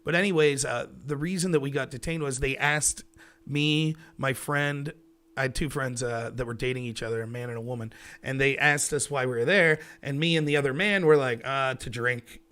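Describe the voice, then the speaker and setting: A man in his thirties from Pennsylvania, USA, with a Pittsburgh accent, hosts a livestream talk show and chats casually on his own with viewers over a headset mic. His mid-range, fairly bright voice moves a little fast. He rambles loosely and chuckles often.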